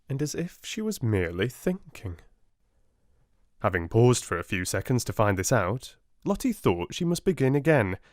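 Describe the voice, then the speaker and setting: British man reading a storybook aloud, slow and lively, dry studio sound. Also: on the low side, dry recording. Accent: British English. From Britain. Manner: unhurried and expressive. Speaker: audiobook narrator. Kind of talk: unhurried audiobook narration.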